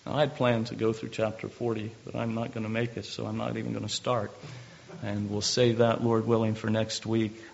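Male pastor, gravelly voice, animated sermon delivery with repeated words, dull lo-fi recording. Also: fairly low pitch, fairly quick, slight background noise.

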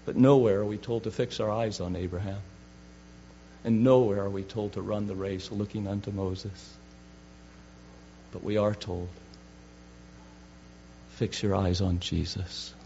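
A man preaching a sermon fervently, swinging from loud declarations to hushed words, on a dull recording with hum. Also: mid-range voice.

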